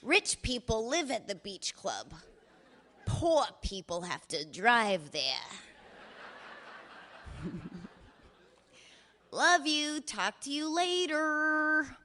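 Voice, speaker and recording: A cheerful, foul-mouthed older father leaving rambling voicemails, as his daughter puts him on. His voice sits fairly high and swings widely between phrases. He teases, swears and says he loves her in the same breath. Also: sing-song, extremely slow, pauses often, sharp tone, full character voice. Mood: teasing. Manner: swearing freely, wry and affectionate. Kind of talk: reading voicemails aloud in character.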